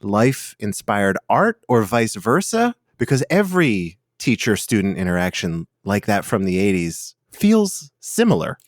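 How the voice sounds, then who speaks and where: A young man from the United States co-hosts a movie podcast in easy conversation. His low voice swings widely in pitch as he jokes at his own expense. The sound is close and dry, with no room around it. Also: sing-song, a little slow, hardly any pauses, no echo. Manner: playful, self-mocking asides. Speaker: podcast co-host. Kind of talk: casual chat.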